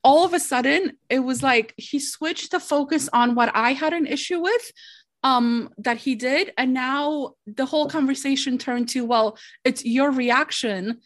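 A woman's voice: high-pitched, normal speed. A woman guest telling her story in a casual, chatty way, laughing often and saying "like" and "dude" a lot. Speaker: podcast guest.

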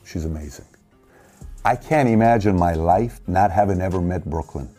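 A man's voice: sits low, normal speed, warm tone, faint music behind. A man in his forties hosting an opinionated commentary, talking emphatically and firing rhetorical questions at the listener. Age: 40s. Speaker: show host.

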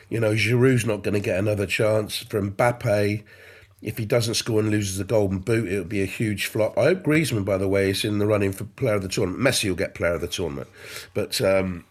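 A middle-aged man co-hosting a podcast, talking football in casual chat with many restarts and ums. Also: on the low side. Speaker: podcast co-host, football pundit.

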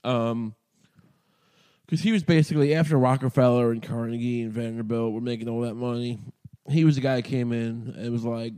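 A man's voice: medium pitch, steady tone, brisk, warm tone, smooth. A man from New York hosting a podcast, ranting in a rambling, profane, sardonic way with frequent restarts. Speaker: podcast host. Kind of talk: casual ranting monologue.

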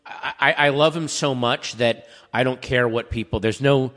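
A man in a casual chat, rambling through stories with quick asides, his throat dry so he keeps clearing it. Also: mid-range voice, fairly bright tone. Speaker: podcast guest.

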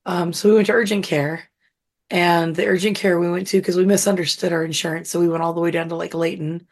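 Husky, gravelly-voiced woman, hoarse. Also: on the low side, flat delivery, fast. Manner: rambling, storytelling with fillers. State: hoarse from illness. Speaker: podcast co-host. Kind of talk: casual chat.

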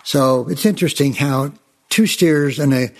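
A man's voice: mid-range voice, a little slow. A man telling Old West tales in a chatty, folksy way, often calling his listeners folks. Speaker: storyteller.

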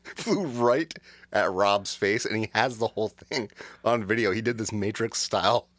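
A man's voice: lowish voice, moderate pace, fairly bright tone, dry recording. A man co-hosting a podcast, chatting casually and laughing often as he tells a story. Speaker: podcast co-host. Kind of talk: casual chat.

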